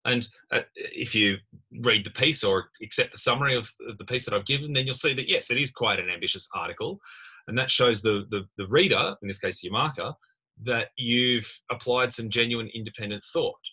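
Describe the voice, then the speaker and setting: A man's voice: medium pitch, brisk, bright, forceful tone, slightly rough. A man lecturing in a casual screen-recorded tutorial, thinking aloud with many fillers and restarts. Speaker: university lecturer.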